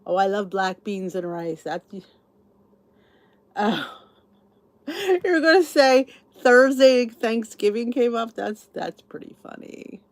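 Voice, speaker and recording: A woman's voice: a little high, expressive, slow, no echo. A middle-aged woman hosting a casual livestream chat, greeting viewers and reading their comments aloud. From New Jersey, US. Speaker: channel host.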